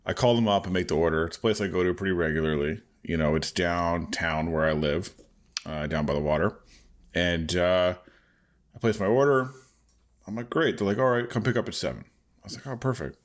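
Low-voiced guy spinning a story on a podcast, animated, laughs a lot. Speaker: podcast co-host. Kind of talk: casual chat.

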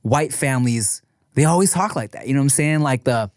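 A young man co-hosting a casual podcast chat, animated, laughing often and swearing freely. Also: medium pitch, a little fast, no room sound, clean studio sound. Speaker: podcast co-host.

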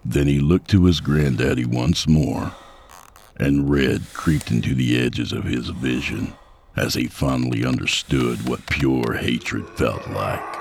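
Brief: grave male narrator, extremely low voice, gunfire effects behind. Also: gravelly, background noise. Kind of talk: dramatic audiobook narration.

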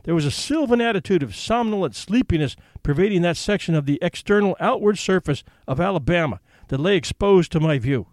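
A man's voice: sits high, expressive, brisk, hardly any pauses, darkish tone, no echo. A man narrating an audiobook story in a wry, folksy way, switching into character voices.

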